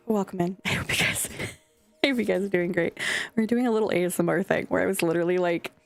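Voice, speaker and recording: A woman's voice: on the low side, a little fast, vocal fry. A young adult woman streamer chatting casually and scatteredly with her chat, swearing now and then. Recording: faint music behind.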